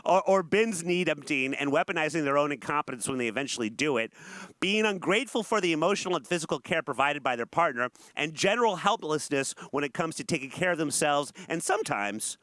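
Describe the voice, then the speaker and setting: Man, talk show co-host, wry joking delivery, lively pitch, dry close sound. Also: brisk, no echo. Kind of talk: casual chat, reading a news article aloud.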